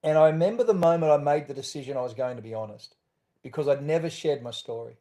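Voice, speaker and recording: An Australian man speaks as a podcast guest, candid and animated, slipping into the voices of the people he quotes. His voice sits a little higher than most men's. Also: fast talker. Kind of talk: storytelling in a podcast interview.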